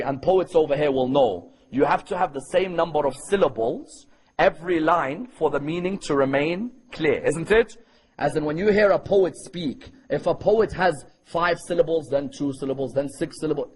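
A man preaching to a live audience, quizzing them with rhetorical questions and chanting Arabic verses quickly. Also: a little high, darkish tone, rough recording. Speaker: Islamic preacher. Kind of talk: sermon.

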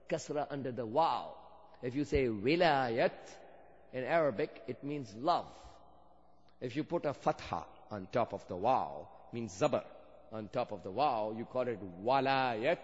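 Preacher with a long hall echo. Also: male voice, medium pitch. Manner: storytelling, rising to fervent emphasis. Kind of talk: sermon. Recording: dull sound with long hall reverb.

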